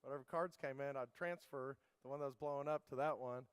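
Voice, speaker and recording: A man's voice: mid-range voice, steady tone, fairly quick, clean tone, dry recording, low-quality recording. A middle-aged man giving a conference keynote, telling casual, rambling anecdotes full of fillers and restarts. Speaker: keynote speaker.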